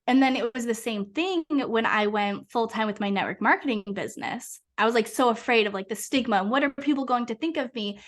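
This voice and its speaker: A young woman from Massachusetts, a podcast guest, telling her story in an earnest, animated, casual way. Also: on the high side, brisk, hardly any pauses. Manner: earnest, animated, uses many fillers. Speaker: podcast guest, hypnotherapist and coach.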